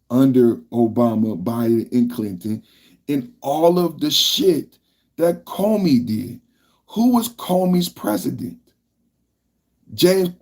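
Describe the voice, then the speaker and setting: A man's voice: a little high, darkish tone. A man hosting a political podcast livestream, ranting in a loose, repetitive way and talking to his chat. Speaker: podcast host.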